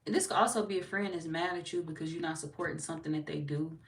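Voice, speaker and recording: A woman's voice: low voice, fast, distant mic. A woman giving a casual tarot reading, talking bluntly with lots of cursing and acting out what other people say. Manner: blunt, profane, animated, slips into quoted voices. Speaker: tarot reader.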